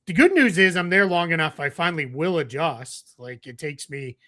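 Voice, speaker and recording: A man's voice: on the high side, bright, forceful tone. A man co-hosting a casual basketball podcast, chatty and self-deprecating, laughing often. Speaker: co-host.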